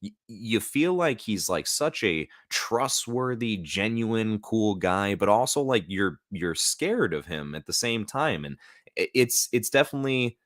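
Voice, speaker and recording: An American man from the United States hosts a casual live stream, rambling loosely with lots of fillers. His lowish, fairly bright voice has lively intonation and a slightly slow pace, captured dry and studio-quality on a new studio mic.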